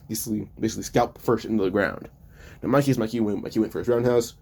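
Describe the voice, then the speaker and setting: A man's voice: medium pitch, mellow. A man casually narrating a fan-made story in a loose, stumbling way, often correcting himself mid-sentence.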